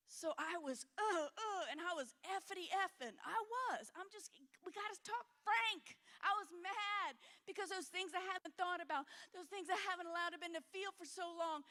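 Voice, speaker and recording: A middle-aged woman preaching a frank, emotional sermon in a church, swinging between loud and hushed. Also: very high voice, lively intonation, moderate pace. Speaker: conference speaker.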